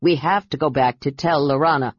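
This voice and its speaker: A steady male half-elf leader speaks in measured, firm tones, voiced by a woman narrator. It is low and dry, in a dull recording. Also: husky, no echo.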